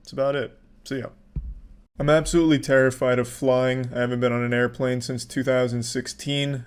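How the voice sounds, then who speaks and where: A man's voice: medium pitch, smooth. A man hosting a casual video commentary, sarcastic and profane. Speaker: commentary host.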